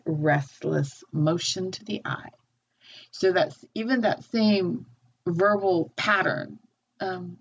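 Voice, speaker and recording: A woman's voice: lowish voice, breathy edge. A woman teaching a literature lesson, explaining a text and reading quoted passages aloud with feeling. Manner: thoughtful, reads quotations with feeling. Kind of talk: lecture with read-aloud passages. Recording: dull lo-fi recording.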